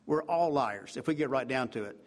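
A man gives a passionate sermon a little fast, with lively intonation, swinging from loud, forceful peaks to soft, hushed moments and repeating "I tell you what."

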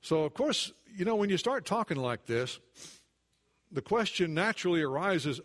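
A man preaching a sermon to a congregation, earnest, dropping to a hush and then rising. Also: high voice, very animated, moderate pace. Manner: earnest, swings between hushed and raised. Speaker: pastor.

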